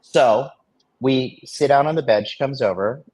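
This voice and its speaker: A man's voice: mid-range voice, a little slow, a little mellow. A man casually telling a story in a men's dating discussion, boastful and profane, rambling with plenty of fillers and restarts. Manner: boastful, swears freely.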